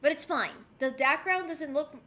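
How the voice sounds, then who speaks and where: Bright and forceful in tone, her high voice keeps a moderate pace. The woman is streaming live from home, casually chatting, reading chat messages aloud, and breaking off between comments to coo at and tease her pet.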